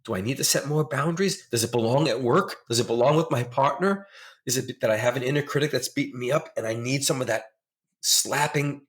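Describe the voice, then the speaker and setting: A man's voice: medium pitch, brisk. A middle-aged man speaking as a therapist guest in a conversational interview, earnest and emphatic, explaining ideas through examples.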